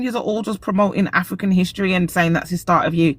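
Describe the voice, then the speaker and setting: High-pitched man retelling an argument. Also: fast talker, few pauses, no echo. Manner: animated storyteller, retells arguments. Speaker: podcast host. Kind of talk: casual live-stream chat.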